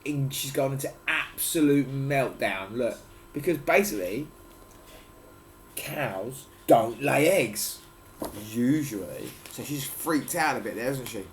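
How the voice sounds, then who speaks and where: A dad reads a picture book aloud to his kids, chatty and playful, stopping to explain words. His voice sits at a middling pitch. Faint background hiss runs under the home recording. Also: animated, takes it slowly. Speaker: father reading to his children.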